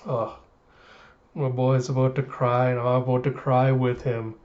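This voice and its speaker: A man recapping a comic chapter in casual chat, rambling and hesitant with many pauses. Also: medium pitch, level tone, highs cut off. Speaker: manga reviewer.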